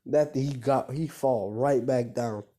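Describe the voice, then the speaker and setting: A man improvising a fan-fiction story out loud, rambling and correcting himself, in slangy casual speech. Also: medium pitch, slow.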